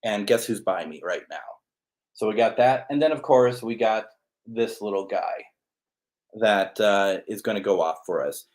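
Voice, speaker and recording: Guy with a lowish voice doing a live spirit box stream, talks to the spirits and his cat all casual. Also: moderate pace, a little mellow. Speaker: host.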